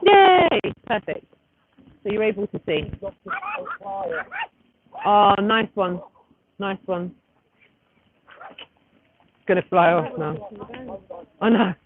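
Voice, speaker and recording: A woman's voice: medium pitch, takes it slowly, long pauses. A woman in her thirties chatting casually on a live stream, rambling and breaking off to fiddle with her phone, outdoors at a street gathering. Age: 30s. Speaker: livestreamer. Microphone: phone camera. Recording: tinny phone-like audio with faint noise.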